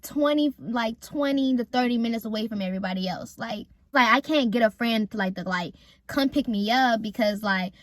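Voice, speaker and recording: A young woman from North Carolina tells a personal story to her viewers in casual, animated chat, swearing often and swinging between loud anger and quiet mumbling. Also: fairly high pitch, no echo. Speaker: vlogger telling a story.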